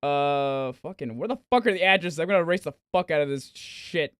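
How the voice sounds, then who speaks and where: A young man on a game stream with a high, bouncy voice that leaps all over the place. He rants and swears theatrically into a close, dry mic. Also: very animated, fairly quick, few pauses, dry recording. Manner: swearing, ranting, melodramatic outbursts. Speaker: gaming streamer. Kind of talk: casual live-stream chatter.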